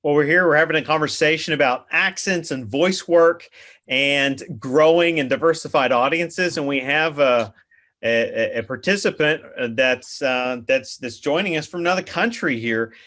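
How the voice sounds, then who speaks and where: A man's voice: on the high side, normal speed, a bit bright. A man moderating an interview over a video call, talking in a loose, chatty way with plenty of fillers.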